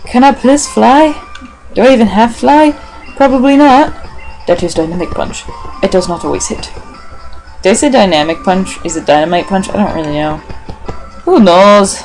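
A woman's voice: medium pitch, animated, moderate pace, pauses often, darkish tone, faint music behind, rough recording. A woman giving casual commentary as she plays a video game, rambling and swearing, talking to herself and the game characters with self-mocking asides. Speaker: let's play gamer.

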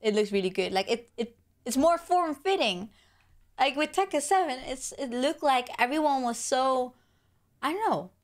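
A woman with a hoarse voice gushing excitedly as she reacts to a game trailer, with lots of exclamations and repeated outbursts. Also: sits high, moderate pace. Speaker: gaming reaction vlogger.

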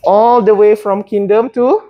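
A woman's voice: medium pitch, fairly even intonation, unhurried, lo-fi sound. A woman teaching a botany class, often hesitating and putting questions to her students. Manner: hesitant, many fillers and restarts, asks students questions.

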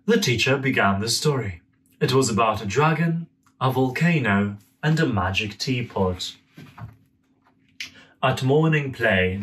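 Young guy reading a kids story, slow and gentle, mic a bit far off. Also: mid-range voice. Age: young adult.

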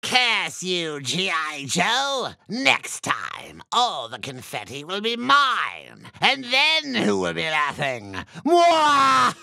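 A man's voice: sits high, wildly swooping pitch, slow, creaky, few pauses, sharp tone, no room sound, clean studio sound, heavily acted. A man voicing a cackling male cartoon villain who sneers like a sore loser. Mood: gloating.

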